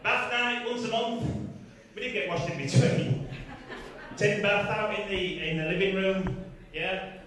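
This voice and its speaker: A man's voice: high-pitched, fairly even intonation, a little slow, a bit bright. A man in his fifties performing a stand-up comedy routine, chatty and teasing the crowd with tag questions. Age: 50s. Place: large comedy venue, live audience. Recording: echoey venue from far off with crowd. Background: audience laughter.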